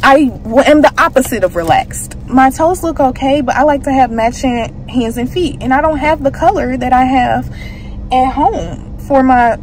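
A young woman vlogger, telling a story in an animated, indignant way that rises sharply in pitch. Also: normal speed, slight background noise, rough recording. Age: young adult. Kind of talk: casual vlog storytime.

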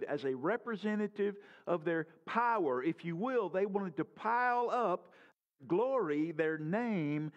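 A male pastor preaching with a high-pitched voice. He poses earnest rhetorical questions, lifting his voice and then letting it sink low. The recording is dull and lo-fi. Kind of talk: sermon.

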